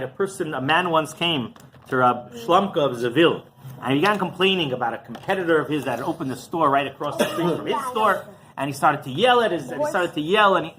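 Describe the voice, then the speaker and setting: A man giving a rabbi's sermon, animated, constantly checking in with "right?" and restarting words. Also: fairly high pitch, slight background noise, rough recording. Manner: keeps asking "right?", animated delivery.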